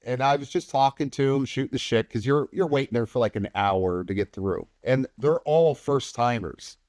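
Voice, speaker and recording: Guy on a podcast telling stories, mid pitch, swears a lot, dry close sound. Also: normal speed, no room sound. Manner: animated, acts out other people's remarks, swears casually. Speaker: podcast guest, filmmaker. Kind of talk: casual anecdotal storytelling.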